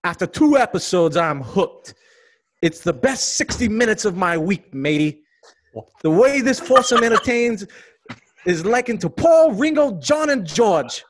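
A man putting on a put-on Australian accent to voice a cheery male podcast fan reading his review, high and sing-song. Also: sing-song, unhurried, heavily acted. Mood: chirpy.

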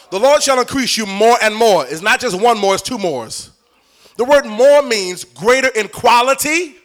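A man's voice: sits high, a bit bright. A middle-aged man preaching a live sermon in church, joking with and coaxing the congregation.

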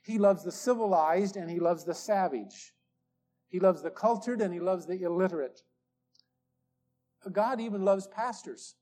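An older man preaching a sermon, slow and emphatic, drawing out the key words. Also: sits high, dark tone. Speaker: pastor. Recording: old sermon tape recording.

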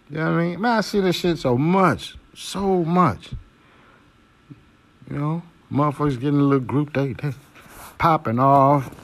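Blunt, profane male podcast host. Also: medium pitch. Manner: blunt, preachy, heavy cursing, repeats "you know". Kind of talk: profane monologue.

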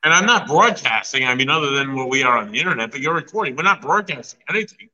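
A man's voice: mid-range voice, animated, fast talker, bright, forceful tone, highs cut off. A man, a paranormal investigator, earnestly explaining what he asked and heard, in casual talk. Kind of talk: casual chat.

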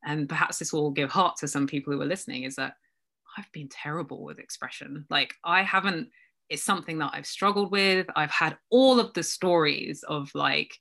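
A woman with a bright, forward voice talks as a guest in a relaxed interview. She is reflective and self-deprecating and often breaks into laughter as she shares her thoughts. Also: low voice, moderate pace, gravelly. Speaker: guest, business coach. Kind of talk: casual conversational interview.

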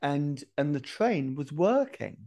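Casting: male podcast host, gravelly, mellow, animated storyteller. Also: a little high, takes it slowly. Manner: animated storyteller, laughs often. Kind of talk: casual chat.

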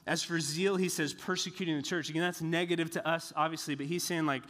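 Chatty preacher with a higher voice. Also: male voice, fairly even intonation, fast, a bit bright, big-room sound. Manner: chatty, joking asides with many "like" fillers. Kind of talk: casual Bible teaching.

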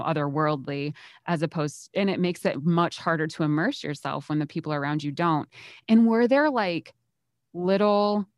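Brief: woman host, very low voice, chatty rambling questions, dry close sound. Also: darkish tone, no room sound. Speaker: podcast host. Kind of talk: conversational interview questions.

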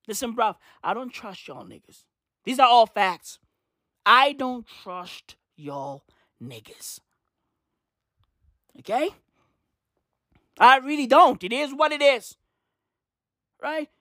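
A woman delivering a profane comic rant, provocative, jumping between loud outbursts and muttered asides. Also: high voice, big pitch swings, slow, pauses often, no room sound, clean studio sound.

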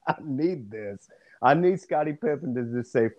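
A man hosting a casual sports podcast, telling stories in a profane, laughing, animated way. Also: fairly high pitch, measured pace, lo-fi sound. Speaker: podcast host.

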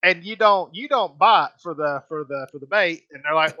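A man's voice: on the high side, a little fast, sharp tone, no echo, highs cut off. A man co-hosting a podcast in casual chat, telling a story. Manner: rambling storyteller with many restarts and fillers. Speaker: podcast co-host.

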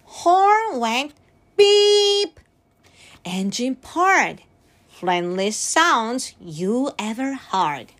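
A woman teaching English to preschoolers, singing and reading a picture book aloud in a slow, animated, sing-song way. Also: a little high.

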